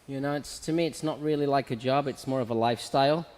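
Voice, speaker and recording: Speaking fast in a mid-range, darkish voice with fairly even intonation, this host's words trail off in a long reverb. He's a hair educator running a casual live show, laughing a lot and talking through the razor cut he's performing.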